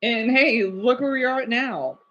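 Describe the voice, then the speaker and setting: A man's voice: very high voice, measured pace, pushed and bright, muffled recording. Young male streamer. Casual, rambling and emotional, chats straight to viewers. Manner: rambling, emotional, reads chat names aloud. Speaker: livestream host. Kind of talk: casual live chat.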